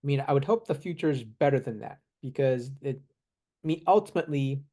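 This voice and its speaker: A man in casual chat, relaxed, explaining technical points with examples and small laughs. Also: medium pitch, fairly quick. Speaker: AI expert guest.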